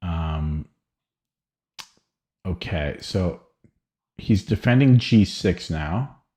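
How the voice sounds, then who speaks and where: Speaking extremely slowly, this chess streamer has a deep, animated, slightly mellow voice. His live commentary is hesitant thinking aloud, full of stammers and repeated words.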